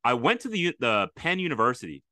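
A male podcast host talks fast and eagerly in a casual interview. His voice is bright and forceful, recorded dry with no room echo, and he keeps the chat moving. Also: medium pitch, sing-song. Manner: fast, enthusiastic, chatty.

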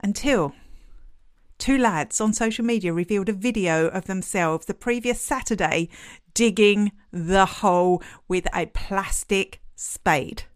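A woman hosts a live podcast chat, telling stories with bubbly energy. Her pitch sits in the middle of the range, and she keeps the conversation moving. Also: unhurried. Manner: chatty, lively storytelling with laughs. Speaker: podcast host.

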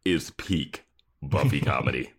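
A man's voice: extremely low pitch, a little slow, breathy edge. A man co-hosting a podcast in casual chat, laughing often as he talks. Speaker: podcast co-host.

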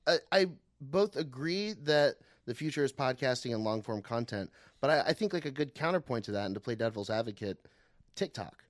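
A man's voice: medium pitch, lively intonation, a little fast, no echo. A man co-hosting a comedy podcast in casual chat, laughing often and acting out quotes of others. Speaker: podcast co-host.

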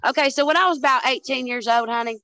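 A woman's voice: sits high, fast, bright, forceful tone, no echo, rough recording. A woman guest in a casual chat, telling stories with lots of swearing and calling the listener "honey" and "dude". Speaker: podcast guest.

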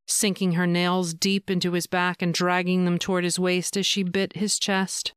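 Smooth-voiced woman reading erotica. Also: on the low side, little pitch movement, normal speed, hardly any pauses, no echo, studio quality. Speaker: audiobook narrator. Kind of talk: erotic audiobook narration.

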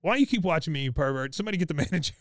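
A man voicing a gruff, snobbish immigrant neighbor who talks in clipped broken-English retorts while recapping a cartoon. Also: fairly high pitch, expressive, racing, fairly bright tone, no echo, voice pushed up. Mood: scornful.

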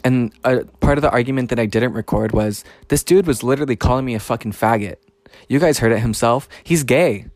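A man's voice: mid-range voice, fairly quick, a little mellow, dry recording. A young man telling an angry storytime about a fight with friends, ranting with heavy swearing and acting out his own heated replies. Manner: heated, profane, emphatic retelling with quoted confrontations. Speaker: vlogger.

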